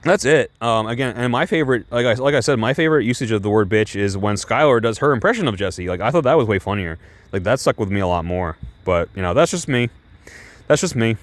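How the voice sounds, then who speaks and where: A man's voice: lowish voice, expressive, fast talker. A young man casually reviewing TV shows, chatty and rambling with many restarts. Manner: chatty, heavy use of "like" and restarts, laughing asides.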